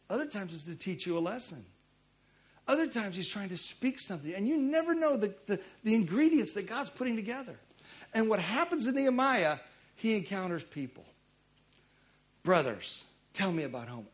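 A man preaching a sermon as pastor, telling stories with sudden loud bursts of emphasis. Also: high voice.

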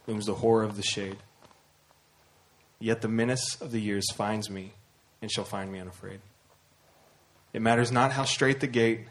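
A man with a Texas accent reading a poem aloud during a church service, in a measured, declaiming way. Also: on the low side, low-quality recording. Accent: Texan. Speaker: guest reader. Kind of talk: poetry reading in a sermon.

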